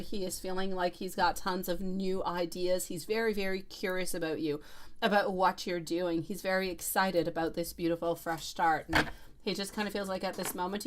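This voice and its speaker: A middle-aged woman giving a live-stream tarot reading, calling the viewer sweet love and reading cards to them. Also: fairly low pitch. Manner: warm, endearing, chatting with viewers. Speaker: tarot reader.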